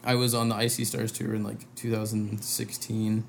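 A young man, a touring musician, telling a story in casual chat, animated and full of slang and swearing, acting out what people said. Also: fairly low pitch, normal speed, vocal fry, slight background noise. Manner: animated, heavy slang and swearing, acts out quotes.

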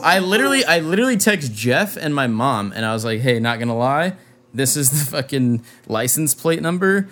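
A young man, a touring musician, telling a story in casual chat, animated and full of slang and swearing, acting out what people said. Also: medium pitch, normal speed. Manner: animated, heavy slang and swearing, acts out quotes.

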